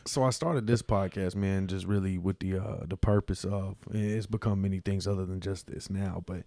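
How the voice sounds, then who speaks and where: Laid-back man, very low gravelly voice, dry close podcast mic. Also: steady tone, normal speed, mellow, dry recording. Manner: laid-back, slangy, lots of "you know what I'm saying". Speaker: podcast guest. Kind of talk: casual interview chat.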